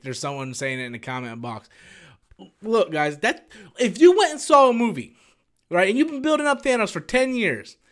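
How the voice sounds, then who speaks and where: Answering viewer questions on a casual live-stream, this male host rambles with animation and swears without restraint. His voice sits high.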